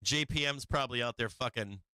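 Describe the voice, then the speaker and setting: A man's voice: medium pitch, a little fast, sharp tone, clear, resonant tone, no echo, rough recording. A man hosting a live market stream, swearing freely, laughing often and repeating himself as he walks through charts. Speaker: market livestream host.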